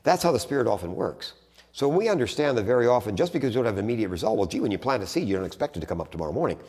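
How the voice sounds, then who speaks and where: A man giving a conversational theology lecture, restarting phrases and stressing points with sudden animated rises. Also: on the low side, racing, slightly rough. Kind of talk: teaching talk on theology. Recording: long hall reverb.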